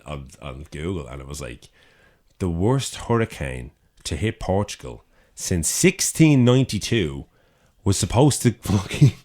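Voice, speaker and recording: A young Irish man with a Dublin accent, co-hosting a podcast and telling a profane, animated story in a casual chat from a city studio. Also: a bass voice. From Ireland. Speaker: podcast co-host. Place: city studio with door open.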